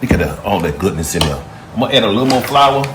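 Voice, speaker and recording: A man's voice: on the low side, big pitch swings, fast talker. A man hosting a casual home cooking video, talking folksy and playful to the viewer while he works in his kitchen. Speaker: home cook and channel host. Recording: loud kitchen noise behind voice. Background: sizzling frying and clattering pots.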